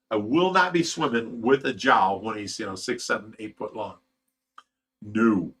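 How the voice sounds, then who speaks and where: A man's voice: fairly low pitch, measured pace, fairly bright tone, slightly rough. A man hosting a casual livestream, reading out viewer comments and answering them in a loose, blunt way with frequent chuckles. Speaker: fish rescue host reading viewer comments.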